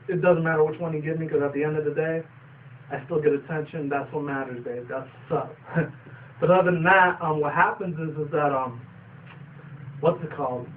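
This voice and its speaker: A young man casually reviewing a cartoon episode, rambling with fillers and casual swearing. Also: a little high. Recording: distant tinny phone-like sound, faint noise.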